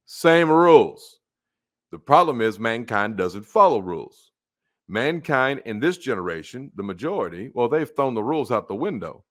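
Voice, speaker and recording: A man preaching a blunt, mocking sermon, dropping to low mutters and jumping to loud outbursts. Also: big pitch swings, normal speed. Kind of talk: fiery street-style sermon.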